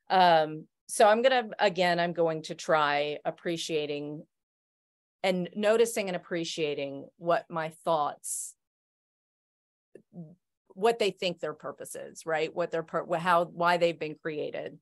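Speaking slowly in a lowish voice, a woman in a sharing circle passes on self-help advice. The casual, reflective talk is full of restarted sentences and repeated "right?" checks.

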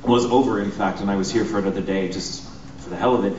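A man on a convention panel telling lively stories with a faintly British-tinged American accent, theatrical and self-mocking. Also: lowish voice, fast. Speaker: voice actor panelist. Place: hotel convention room. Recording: echoey hotel room from far off, muffled, noisy.

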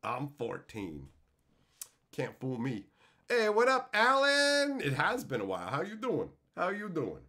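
A man's voice: fairly high pitch, huge pitch swings, measured pace, bright, forceful tone. A man in his thirties hosting a live stream, ranting at his chat with crude, mock-angry banter. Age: 30s. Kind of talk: live stream chat while opening card packs.

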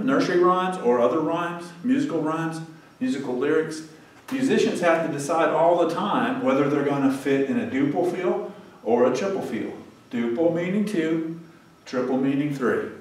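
A man teaching a recorded music lesson to children, counting beats aloud and chanting rhymes in rhythm. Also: on the high side. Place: classroom. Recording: echoey room.

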